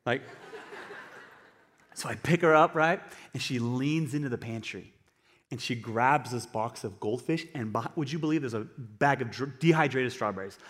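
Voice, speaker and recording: A male pastor giving an animated sermon, swinging between quiet asides and loud emphatic bursts. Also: medium pitch, moderate pace. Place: church hall. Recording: long hall reverb.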